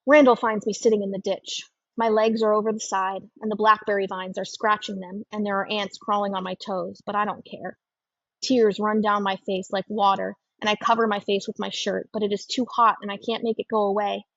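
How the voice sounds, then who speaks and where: A woman narrates an audiobook in a steady, measured first-person reading. Her voice is gravelly and husky. It is close and dry, on a dull lo-fi recording. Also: mid-range voice, dry recording.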